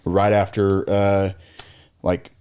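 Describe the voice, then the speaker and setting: Low-voiced excitable man. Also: slow, clear, resonant tone. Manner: excited, swears a lot, says "dude". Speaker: podcast co-host. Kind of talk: casual chat.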